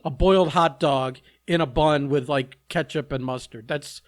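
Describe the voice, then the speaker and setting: Man, podcast co-host, slightly high voice, teasing and rambling, lots of filler words. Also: moderate pace. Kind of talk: casual chat.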